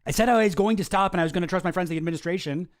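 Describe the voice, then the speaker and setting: A man's voice: sits high, very fast, no echo, studio quality, voice pushed up, close to an everyday voice. A man voicing an evasive male political pundit in a whiny, mocking impression.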